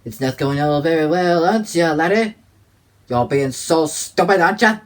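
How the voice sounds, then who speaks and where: A man putting on a shrill, loud character voice that mocks and taunts. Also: expressive, moderate pace, close to an everyday voice. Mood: taunting.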